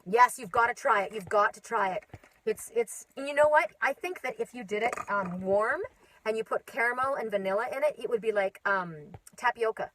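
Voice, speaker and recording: A woman who does spiritual readings streams live from her phone outside in the mountains, chatting in a rambling, animated way. Her voice is a little high and a little fast, and the rough recording has a bit of hiss or hum.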